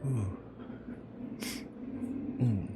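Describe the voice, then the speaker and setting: Heavy background noise and game music surround this very slow-speaking man. Drowsy and yawning, he keeps up relaxed chatter during live gameplay, cursing here and there.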